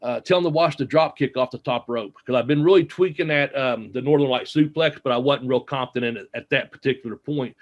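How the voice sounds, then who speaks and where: This man, once a wrestler, tells long stories in a relaxed interview, rambling along with plenty of fillers and quoted dialogue he performs. The recording is lo-fi, and his pitch is medium.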